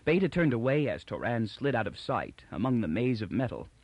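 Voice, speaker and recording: Expressive male audiobook narrator, measured, dry booth sound. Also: medium pitch, husky, dry recording. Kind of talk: scripted narration.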